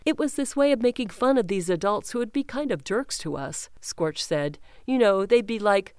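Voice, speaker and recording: A woman reads a news feature in a measured, steady way, voicing the quotes as plainly as the rest. Her voice is smooth and clear, recorded close and dry with no room sound. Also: mid-range voice, no echo. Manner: measured, even, reads quotes without acting them. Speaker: reader of an audio-described news story. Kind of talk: scripted news narration with image description.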